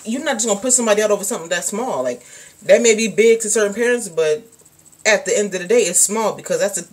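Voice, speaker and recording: A young woman telling a personal story in a casual vlog, blunt and slangy, swearing freely and filling her speech with "like". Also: on the low side. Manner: blunt and frank, swears freely, many fillers. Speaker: vlogger.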